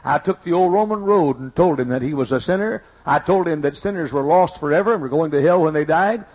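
An older man preaches, his voice husky and a touch high. He drives his points home by repeating them and mixes in folksy stories. The recording is dull and lo-fi, like an old church tape. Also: brisk, a little mellow. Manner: emphatic preaching, repeats key lines, folksy asides. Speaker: pastor. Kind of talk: sermon with personal stories. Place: church sanctuary.

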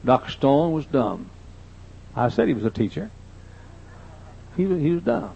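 A man's voice: fairly high pitch, sing-song, normal speed, creaky, mellow, a little hiss or hum. Folksy older man preaching with jokes. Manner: folksy, joking anecdotes. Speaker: pastor. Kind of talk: humorous sermon storytelling. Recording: dull lo-fi sermon recording.

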